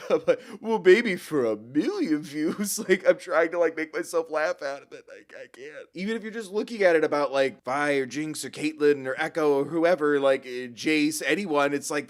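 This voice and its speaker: A man's voice: on the high side, normal speed, hardly any pauses. A man hosting a music reaction video, talking in an emotional, rambling way with stammered restarts and frequent swearing. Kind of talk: casual reaction commentary.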